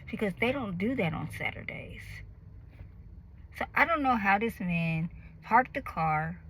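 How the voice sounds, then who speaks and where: A woman in her thirties telling a personal story in a lively, animated way, acting out the voices and cries of the moment. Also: medium pitch, a little slow, husky, rough recording. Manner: animated, acts out her own screams and quoted voices. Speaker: vlogger.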